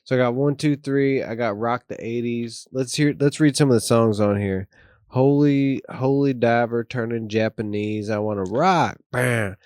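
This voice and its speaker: A young adult man chatting casually as a podcast guest, excitable and rambling, with casual swearing. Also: medium pitch, moderate pace, clear, resonant tone, dry recording, clean studio sound. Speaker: guest musician.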